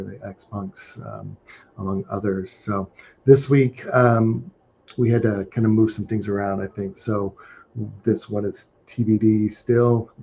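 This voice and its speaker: A man's voice: fairly low pitch, dark tone. A man giving community updates on an online call, rambling with many fillers. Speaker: community host. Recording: dull lo-fi call audio with faint hiss.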